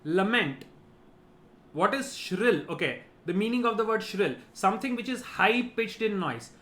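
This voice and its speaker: A man's voice: high-pitched, expressive, a little slow, fairly bright tone. A man giving a vocabulary lesson, explaining each word and checking in with "right?". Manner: explanatory, repeats key words, ends points with "right?". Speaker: teacher.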